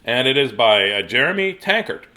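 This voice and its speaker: Pitch swinging widely around a mid-range center, a middle-aged man talks at a moderate pace in a pushed, bright tone. He's hosting a casual live stream for kids at home, greeting them by name, rambling playfully and reading from a storybook.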